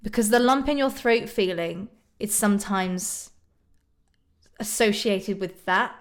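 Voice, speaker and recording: A woman's voice: mid-range voice, a little slow. A young woman from just northwest of London with a southern English accent, chatting casually on a live stream and answering viewers' questions with lots of ums and little laughs. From England, northwest of London. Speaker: YouTube singer hosting a live stream. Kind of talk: casual live-stream chat reading comments.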